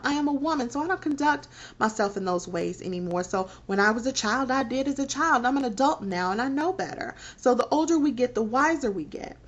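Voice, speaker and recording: A woman in her thirties frankly telling a personal story on her vlog, animated and laughing between phrases. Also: on the high side. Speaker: vlogger. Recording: dull lo-fi recording.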